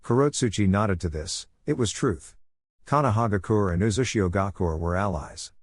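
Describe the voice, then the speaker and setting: A man narrating fan fiction in a steady, plain storytelling manner. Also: lowish voice, normal speed, no room sound, clean studio sound. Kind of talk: fan fiction read-aloud.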